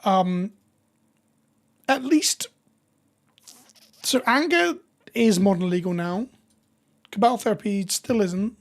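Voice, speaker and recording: A woman with a hoarse voice, chatting casually with viewers on a live stream. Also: mid-range voice, lively intonation, a little slow. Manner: chatty, reads viewer names and jokes with chat.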